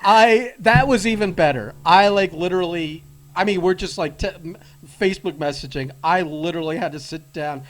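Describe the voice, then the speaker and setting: A man with a somewhat high voice chats with a friend on a podcast. He talks in loose, enthusiastic bursts, restarts his sentences and swears without a second thought. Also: moderate pace, few pauses. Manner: enthusiastic, rambling, swears casually. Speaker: podcast co-host. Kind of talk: casual chat.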